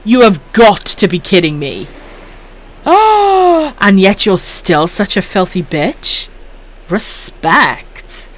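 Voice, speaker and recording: In her thirties and Welsh, this woman hosts a casual late-night stream with a fairly low, expressive voice and a slow pace. She reads chat aloud, giggles, swears freely and affectionately calls her viewers pet names.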